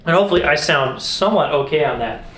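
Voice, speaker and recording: A young man giving a casual video music lesson, relaxed, explaining as he demonstrates on his instrument. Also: on the high side, fast. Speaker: music teacher. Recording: echoey room.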